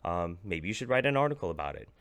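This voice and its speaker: A man ranting to camera as a YouTube commentator, angry and profane, swinging between low mutters and sharp outbursts. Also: big pitch swings, quick pace, clear, resonant tone.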